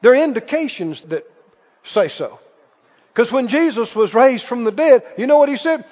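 High-voiced animated preacher in a hall. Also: male voice, moderate pace. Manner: animated preaching, acting out Bible dialogue, chuckling. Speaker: pastor. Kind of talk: sermon. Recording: dull sound with long hall reverb.

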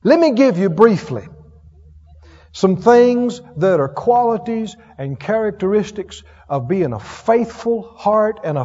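A preacher with a high, ringing voice delivers a folksy sermon, chuckling between lines. He swings from loud calls to hushed telling, and the sound is dull and carries a long hall reverb. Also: breathy edge.

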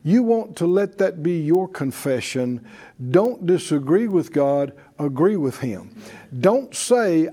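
A man's voice: fairly high pitch, very animated, a little slow, mellow. A man preaching a sermon, leading the congregation in call-and-response.

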